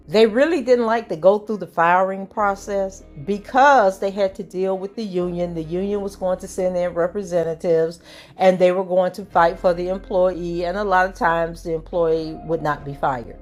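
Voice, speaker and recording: Hoarse-voiced woman hosting a commentary vlog. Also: on the low side, moderate pace, darkish tone, soft background music. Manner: conversational, chatty with fillers. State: hoarse from allergies. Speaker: channel host.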